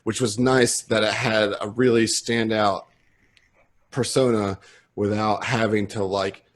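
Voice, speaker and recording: A low-voiced man leading a relaxed talk among game masters. He is chatty and laughs often, and he speeds up whenever he pushes the group on to the next question. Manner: chatty, laughs often, rushes when pressed for time. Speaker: podcast host asking the questions.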